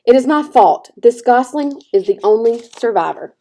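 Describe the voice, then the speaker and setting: A woman's voice: a little high, animated, moderate pace, warm tone, slight background noise. A woman doing a polite, precise robot. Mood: earnest, polite. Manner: formal, precise, no contractions. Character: polite, literal-minded female robot.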